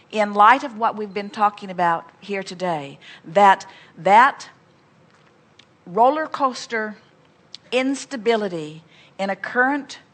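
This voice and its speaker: A woman's voice: medium pitch, a bit bright. A woman at a live seminar who speaks for a collective "we" and answers audience questions with emphatic, rhetorical flourishes.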